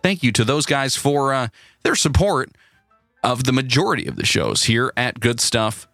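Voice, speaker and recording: Brief Male podcast co-host, bright lively delivery, dry booth sound. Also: medium pitch, moderate pace, no echo, soft background music. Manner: joking, stumbling restarts. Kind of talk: casual chat and ad read.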